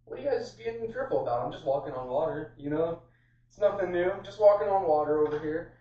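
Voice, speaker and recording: A man voicing Jesus as a calm, casual man who talks in an offhand, chatty way. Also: on the high side, fast, natural voice. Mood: breezy. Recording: roomy, distant, dull sound.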